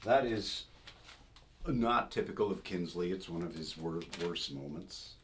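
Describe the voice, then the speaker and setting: A man's voice: low voice, measured pace, a bit bright, slight background noise. A man, a folk singer and song scholar, talking informally about an old song, thoughtful and digressive, with sung snippets as examples. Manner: thoughtful, digressive, sings short phrases to illustrate. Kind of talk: informal spoken commentary on a song.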